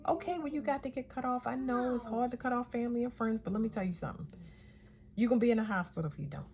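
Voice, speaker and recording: A woman's voice: a little high, fast talker, a little mellow, a little hiss or hum. A woman giving a casual tarot reading, talking in a chatty, emphatic way and often correcting herself mid-sentence. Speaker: tarot reader.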